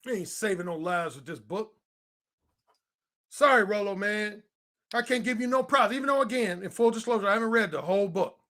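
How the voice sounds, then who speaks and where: A man's voice: sits high, animated, fairly quick, pushed and bright. A man in his fifties, a dating coach, ranting in an emphatic and profane way. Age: 50s. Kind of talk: heated monologue.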